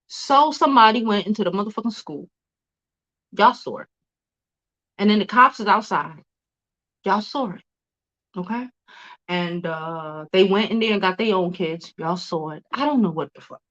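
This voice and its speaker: A woman's voice: mid-range voice, moderate pace, long pauses, fairly bright tone, dull audio. A woman hosting a casual celebrity news livestream, chatty, laughing often and cursing freely.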